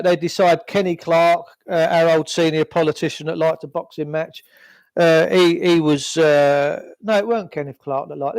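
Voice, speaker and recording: A man's voice: sits high, a little mellow, dry recording. A man hosting a live stream, talking bluntly and ranting in a rambling, sweary way. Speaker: livestream host.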